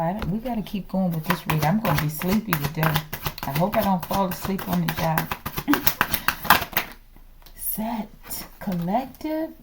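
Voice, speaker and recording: Over some background noise, a woman with a mid-range voice gives a casual tarot reading, thinking aloud and rambling with frequent sighs and laughs. She often addresses the viewers as the collective and drops into whispered asides to them.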